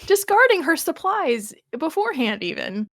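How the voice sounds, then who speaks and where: A woman's voice: high voice, big pitch swings, normal speed, a bit bright, no room sound, clean studio sound. A woman co-hosting a TV rewatch podcast, chatting casually and thinking aloud, with frequent restarts and small laughs. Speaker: podcast co-host.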